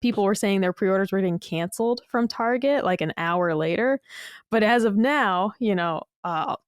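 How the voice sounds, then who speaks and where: A woman's voice: mid-range voice, moderate pace, smooth, no echo, clean studio sound. Giggly female podcast co-host. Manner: giggly, filler-heavy chatter. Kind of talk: casual chat.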